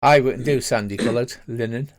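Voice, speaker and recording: A man's voice: mid-range voice, moderate pace. An older man narrating as game master, hesitant, with many fillers.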